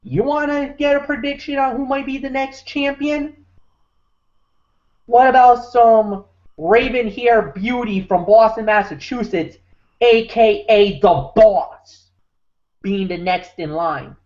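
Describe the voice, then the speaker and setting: A man's voice: very high voice, takes it slowly, darkish tone. A man hosting a wrestling recap show, talking with emphatic, preacher-like force. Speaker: podcast host. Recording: muffled lo-fi audio.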